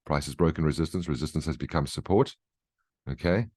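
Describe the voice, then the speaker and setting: A man's voice: extremely low pitch, brisk, darkish tone, no echo, clean studio sound. A man giving a casual market briefing over charts, explaining his reasoning and often checking in with the listener. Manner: conversational, keeps checking in with "right?" and "okay?". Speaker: trading educator.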